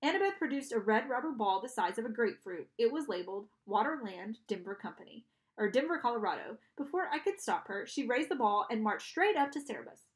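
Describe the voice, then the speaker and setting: A woman reading a children's novel aloud in an expressive narrating style. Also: a little high, a little fast. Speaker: audiobook reader. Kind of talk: storybook narration.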